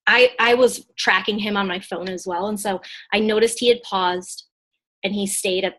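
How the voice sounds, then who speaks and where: A woman coach and mentor talks to her group over a video call, and her voice has a husky, slightly breathy grain. She tells her story in a loose, chatty way, full of "like" and "um" and quick restarts, at a middling pitch. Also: fairly even intonation, a bit bright. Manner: casual and chatty, many fillers and restarts. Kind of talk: live motivational storytelling talk.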